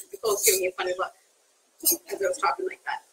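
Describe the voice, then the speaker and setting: A woman's voice: extremely high pitch, huge pitch swings, fairly quick, low-quality recording. A woman chef talking chattily through a live cooking demonstration in a kitchen, laughing often.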